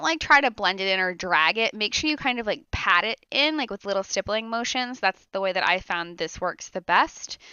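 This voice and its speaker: A woman's voice: mid-range voice, bright, forceful tone, smooth, dry recording. Giggly young woman, kinda nasal from a cold, rambling beauty voiceover, dry close mic, slightly dull lo-fi sound. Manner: chatty and giggly, rambling with fillers. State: sick, a little nasal. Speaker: beauty vlogger. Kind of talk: casual makeup tutorial voiceover.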